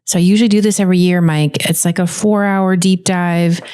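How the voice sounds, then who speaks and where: A woman co-hosting a podcast, chatting casually and explaining things at length in a lively, talkative way. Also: fairly low pitch, brisk, clean tone. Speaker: podcast co-host.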